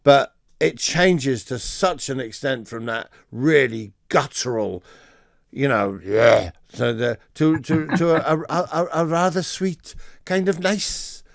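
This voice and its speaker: A man's voice: mid-range voice, lively intonation, slow pace, creaky, no echo, studio quality. A man from North Wales, a radio host, chatting with a guest in a jokey, easygoing way. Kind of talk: radio interview chat.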